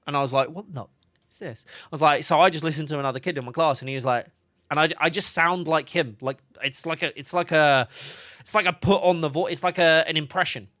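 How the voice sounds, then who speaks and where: Chatty bright-voiced streamer man. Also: on the high side, fast, no room sound, clean studio sound. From England. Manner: chatty, laughs often, reads chat aloud. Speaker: game streamer. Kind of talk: casual livestream chat.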